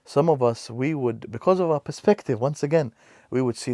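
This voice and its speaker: A man's voice: medium pitch, fairly quick, mellow, no room sound. A man hosting a reaction video, giving earnest advice in an emphatic way and repeating key phrases for stress.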